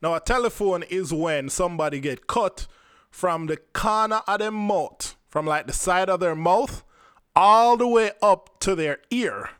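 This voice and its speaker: A man's voice: high voice, lively intonation, a little slow, fairly bright tone, clear, resonant tone, no echo, studio quality. A young Jamaican man hosting a podcast, telling a personal story in a casual, rambling, profane way and speaking straight to his listeners. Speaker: podcast host.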